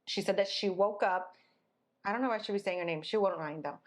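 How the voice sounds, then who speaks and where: Picture a young woman co-hosting a casual podcast, telling her story with a lot of drama. Her voice sits at an ordinary middle pitch, and she acts out every person she quotes. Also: a little fast. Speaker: podcast co-host.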